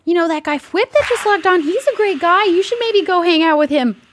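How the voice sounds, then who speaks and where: A woman's voice: very high voice, lively intonation, fairly quick, noisy background. A young woman role-playing in a game, nervous and jokey, rambling and stammering. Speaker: Minecraft roleplay streamer. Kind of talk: in-character game roleplay chat.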